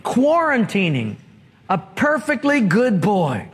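A man's voice: sits high, huge pitch swings, takes it slowly, noisy background. A man preaching a sermon as pastor, telling stories and asking the congregation questions, heard with long hall reverb. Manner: storytelling, asks the congregation questions.

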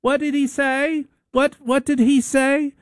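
A man voicing a nagging, suspicious middle-aged wife in a thin, high put-on voice, firing sharp, accusing questions. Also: little pitch movement, unhurried, no room sound, studio quality.

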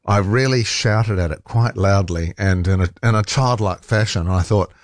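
A man's voice: on the low side, moderate pace, no echo, studio quality. A man hosting a talkback radio show, telling a rambling, exasperated story with laughs and mild swearing. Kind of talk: casual on-air chat.

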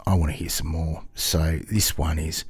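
A man's voice: rumbling low, steady tone, normal speed, darkish tone, breathy edge, no room sound. A man, hosting a music radio show in a rambling, chatty, self-mocking way. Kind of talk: casual music radio presenting.

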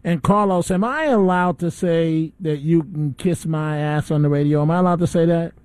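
A man's voice: a little high, normal speed, a little mellow, clean tone, dry recording. A man hosting a call-in radio talk show, ranting indignantly between calls. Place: radio studio.

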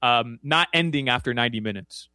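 A man's voice: mid-range voice, fairly quick, pushed and bright, no echo. A man giving casual soccer betting picks, rambling with many fillers and restarts. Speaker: soccer analyst guest. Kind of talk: casual sports betting chat.

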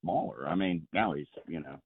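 A man calling in to a radio show, easygoing and quick to laugh. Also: very deep voice, vocal fry. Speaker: caller. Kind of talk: casual phone-in chat. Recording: tinny phone line.

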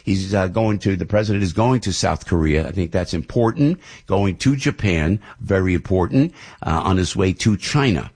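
A man's voice: low voice, lively intonation, normal speed, a little mellow, slightly rough. An older man with a New Jersey accent, hosting a morning radio show and telling a rambling story with many restarts. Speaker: radio host.

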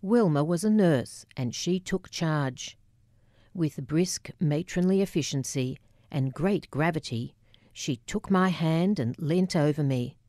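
A woman narrating her memoir in a measured, deliberate, wry way. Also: sits low, mellow, no room sound, clean studio sound.

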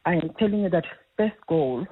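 A middle-aged woman calling in to a radio show, talking at length in an animated, storytelling way. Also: on the low side, a little fast, husky, no room sound. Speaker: caller. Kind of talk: phone-in chat. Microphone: telephone. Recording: tinny phone line.

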